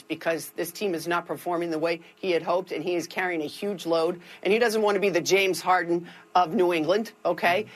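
Female sports pundit, assertive and argumentative. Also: fairly low pitch. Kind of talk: sports commentary.

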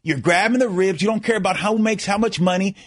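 A man's voice: high-pitched, fast talker, breathy edge, no room sound, clean studio sound. A middle-aged man, a former basketball player, arguing a point in loose sports-talk banter, emphatic and repeating himself with frequent restarts.

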